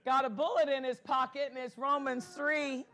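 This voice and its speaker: A woman's voice: high voice, little pitch movement, moderate pace, pushed and bright. A woman pastor preaching a sermon, emphatic and repeating key phrases, asking the congregation for amens.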